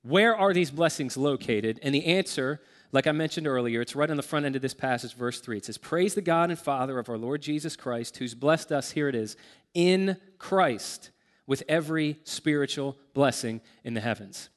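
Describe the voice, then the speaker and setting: Emphatic male pastor in a reverberant hall. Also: mid-range voice. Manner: earnest, emphatic, slows down to stress key words. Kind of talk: sermon.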